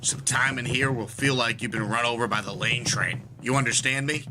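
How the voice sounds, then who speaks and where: A man playing a gruff jailer who mockingly banishes someone, heard over a music bed. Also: medium pitch, a little fast, background noise, lightly acted. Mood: menacing. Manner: menacing, mocking. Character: gruff male jailer banishing a chat troll.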